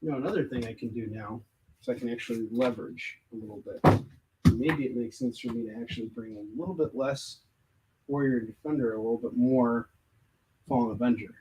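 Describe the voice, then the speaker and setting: A man's voice: mid-range voice, a little fast, mellow, a little hiss or hum, rough recording. A man from the United States who creates comics, chatting casually and joking on a livestream Q&A while he counts stock aloud.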